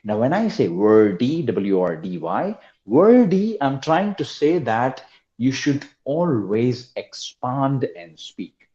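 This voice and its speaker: A man teaching an online class, quizzing his students by name in a lively way. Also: mid-range voice, takes it slowly. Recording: roomy, dull lo-fi online call audio.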